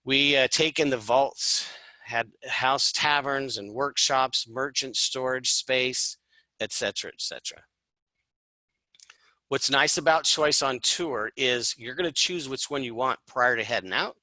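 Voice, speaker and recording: A man's voice: mid-range voice, a little slow, bright, forceful tone, no room sound, low-quality recording. A man giving an informal, upbeat travel presentation, chatty, with fillers and jokey asides. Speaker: tour presenter.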